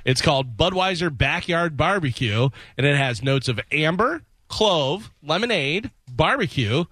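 A man's voice: on the high side, lively intonation, unhurried, bright, forceful tone, dry recording. A man hosting a news segment on a morning radio show, casual and wry, mixing stories with jokes.

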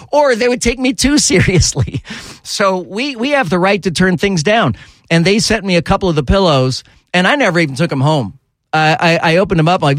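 This male radio talk show host chats casually in the studio with a slightly high voice. Annoyance turns him animated and exasperated, and his pitch jumps sharply. The sound is close and dry, with no room sound.

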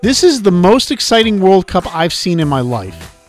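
A man with a notably high speaking voice, talking sports in loose, rambling radio banter. A faint music bed plays underneath him. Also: big pitch swings, moderate pace. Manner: chatty, rambling, reads segment rundowns.

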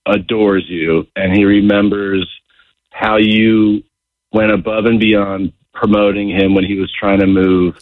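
A man's voice: on the low side, measured pace, no echo. A man guesting on a radio show, chatting casually and telling joking stories in a radio studio. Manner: animated storyteller, joking. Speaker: comedian guest. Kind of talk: casual radio interview chat. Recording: slightly dull radio audio.

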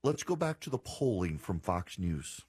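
A man's voice: low voice, big pitch swings, moderate pace, a little mellow, slightly rough. A man hosting a political talk radio show, giving incredulous, sarcastic commentary and reading passages aloud.

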